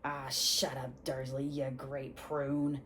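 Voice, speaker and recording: A woman reading aloud and voicing a huge, gruff bearded male giant with blunt, rustic speech and a tried-for West Country English accent. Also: a bass voice, flat delivery, takes it slowly, a bit bright, slight background noise, heavily acted. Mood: gruff, friendly. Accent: attempted West Country English. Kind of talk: storybook read-aloud.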